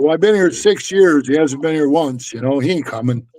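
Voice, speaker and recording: A middle-aged man tells stories in a loose, blunt way, swearing freely and calling his listener "bro". His voice sits high for a man. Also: a little fast, darkish tone, no room sound, poor audio. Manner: blunt, profane, keeps saying "bro". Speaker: former motorcycle club member telling stories. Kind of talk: casual storytelling chat.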